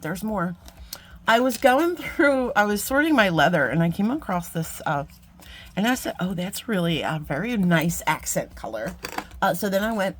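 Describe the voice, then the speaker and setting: A middle-aged woman chatting casually through a jewelry-making tutorial, self-deprecating and talking to viewers as friends. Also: on the low side. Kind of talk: casual craft tutorial chat.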